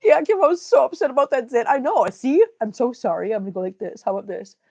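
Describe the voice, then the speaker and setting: A woman's voice: a little high, animated, fast, creaky, darkish tone, breathy edge. Chatty middle-aged woman, dull audio. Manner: joking, chatty, reads comments aloud and laughs. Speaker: livestream host reading chat. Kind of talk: casual livestream chat.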